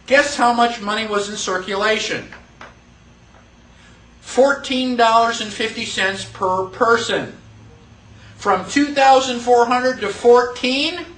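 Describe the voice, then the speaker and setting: A man teaching a class in a lively lecture, quizzing the students and acting out quotes. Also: extremely high pitch. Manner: animated, asks the class questions, acts out quotes. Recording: echoey room, voice from far off.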